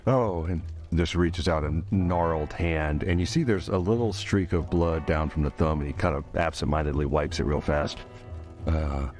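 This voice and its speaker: Male player, very low voice, folksy drawl, in-character tabletop play. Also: fairly even intonation, normal speed, a little mellow, faint music behind.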